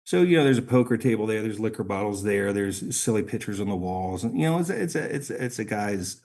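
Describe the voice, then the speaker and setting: A middle-aged man, a podcast guest, telling a personal story in a halting, emotional way, often repeating words. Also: fairly low pitch, animated, darkish tone.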